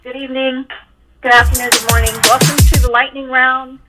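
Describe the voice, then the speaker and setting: A woman co-hosting a live trading stream, reading the welcome and follow reminders in a brisk, friendly way. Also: high-pitched, flat delivery, loud music behind the voice. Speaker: co-host and moderator. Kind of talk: scripted stream announcement.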